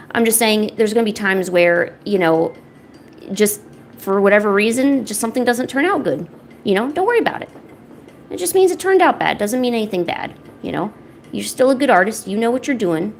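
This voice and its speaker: Young female streamer, casual and chatty, slight vocal fry. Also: mid-range voice, a little hiss or hum. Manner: rambling, chatty, talks to chat and a pet. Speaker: art streamer. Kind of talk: casual livestream chat while painting.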